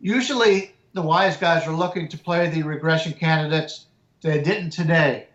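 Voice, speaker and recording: A man, a sports handicapper, giving measured betting analysis and often restarting his words. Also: fairly high pitch, a bit bright, roomy sound, dull audio.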